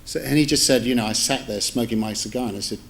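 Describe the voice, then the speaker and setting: Fast, creaky, and fairly bright in tone, a mid-range male voice belongs to a middle-aged newspaper editor lecturing to an audience in a lecture theatre. His anecdote rambles amusedly, chatty and self-interrupting, with corrections and asides.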